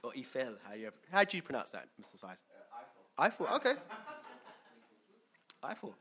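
Preaching in a chatty way, this man quizzes the congregation and chuckles frequently. He speaks at medium pitch, a little fast and sing-song, with a bright, forceful tone.

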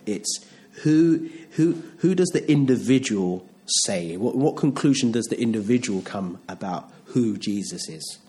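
A man's voice: mid-range voice, darkish tone. A man preaching a sermon in a conversational style, often restarting phrases and asking rhetorical questions.

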